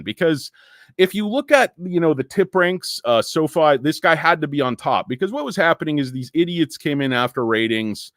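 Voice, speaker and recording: Ranting, animated middle-aged stock host. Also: male voice, a little high, moderate pace, no echo, studio quality. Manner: rambling, jokey, profane ranting with tangents. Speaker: stock market show host. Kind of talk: ranting livestream commentary.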